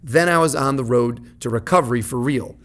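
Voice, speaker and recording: A man in his thirties hosting a podcast, telling a personal story in a casual, animated way. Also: mid-range voice, brisk. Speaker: podcast host.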